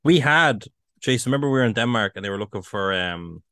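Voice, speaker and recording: A man co-hosting a casual podcast, jumping in with quick, excitable remarks. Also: on the low side, no room sound, studio quality. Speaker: podcast co-host. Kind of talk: casual chat.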